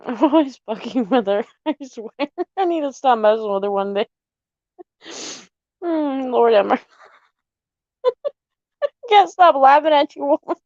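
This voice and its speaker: Her voice sits high and a little mellow, animated yet unhurried with long pauses, as she vlogs live from home near her mother's room. Between phrases she breaks into belly laughs, swears freely, and often exclaims "Lord have mercy"; the recording is dry, dull, and lo-fi.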